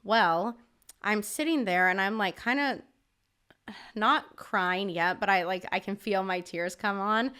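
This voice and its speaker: A woman's voice: mid-range voice, measured pace, sharp tone, smooth. A woman guest on a podcast telling a story in a casual, chatty way, filling her talk with "like" and swearing freely. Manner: chatty, filler-heavy with frequent "like", swears freely.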